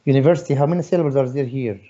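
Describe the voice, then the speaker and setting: A man's voice: medium pitch, racing, warm tone, dull audio. A male English teacher leading an online class, patiently repeating his questions to students. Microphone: video call.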